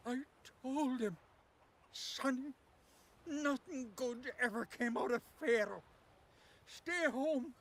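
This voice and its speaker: A man's voice: very high-pitched, slow, long pauses, a bit bright, exaggerated voice. A grieving old island father. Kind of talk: video game voice acting.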